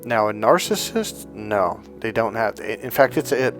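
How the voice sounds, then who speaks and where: A man's voice: fairly low pitch, animated, normal speed, over music. A man coaching in a casual motivational monologue, rambling with many restarts and repeated words. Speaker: life coach.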